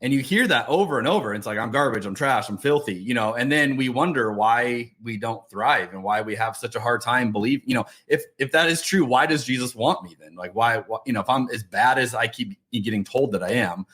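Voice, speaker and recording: A man's voice: mid-range voice, a little fast, hardly any pauses, fairly bright tone. A man hosting a podcast, a pastor who speaks in a reflective, conversational way with hesitant restarts.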